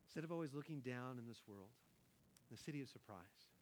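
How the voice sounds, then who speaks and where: A man, a pastor, preaching a sermon in an animated way, breaking off with laughs and quick restarts. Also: mid-range voice, slight background noise. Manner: animated, laughing often, self-interrupting with restarts.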